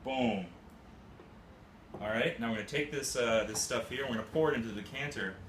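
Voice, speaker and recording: A man's voice: medium pitch, fairly quick, fairly bright tone. A man casually walking through brewing coffee step by step, tossing in playful, goofy catchphrases. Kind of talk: casual how-to demonstration. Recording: roomy room with faint ambient hum.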